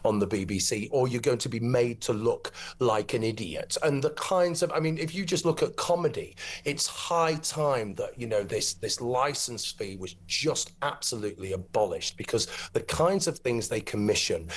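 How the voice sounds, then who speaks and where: A man's voice: medium pitch, animated, normal speed, hardly any pauses. A male co-host on a TV talk show giving indignant, emphatic opinion commentary. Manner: emphatic, indignant, repetitive for stress. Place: TV studio.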